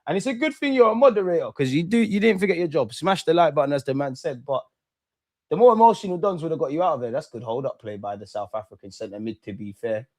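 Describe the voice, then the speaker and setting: A man's voice: on the high side, fast talker. Slangy young man hosting a watch-along. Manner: slangy, animated, bursts of excitement. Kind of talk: live football watch-along commentary.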